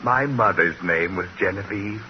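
A man's voice: sits low, unhurried. An actor playing a shy, formal man courting a coworker in a 1940s radio comedy, timid and flustered. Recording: dull, hissy old radio recording.

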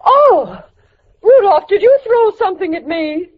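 A touchy radio-comedy wife. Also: female voice, extremely high pitch, very animated, unhurried, heavily acted. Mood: prim. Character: touchy wife of the portly friend. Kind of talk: 1940s radio comedy acting. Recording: loud-hissing dull old radio broadcast.

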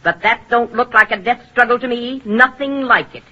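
An actress playing an uneasy, obedient nurse who answers reluctantly, in 1940s radio acting. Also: female voice, fairly high pitch, moderate pace, lightly acted. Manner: nervous and reluctant. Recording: muffled old radio broadcast.

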